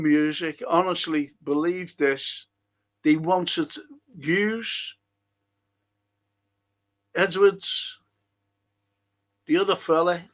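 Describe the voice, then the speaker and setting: Slow-talking, sweary fan-show host man. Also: on the high side. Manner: blunt, sweary, reads out viewer comments. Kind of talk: live-stream chat reading and rant.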